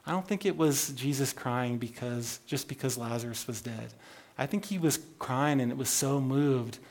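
Halting, conversational man teaching scripture. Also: medium pitch. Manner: halting, many fillers and restarts, conversational. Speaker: Bible study teacher. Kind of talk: informal Bible teaching.

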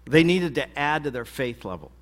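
A man's voice: mid-range voice, very animated, normal speed, a bit bright. A man pastor preaching a sermon in a conversational, emphatic and folksy way.

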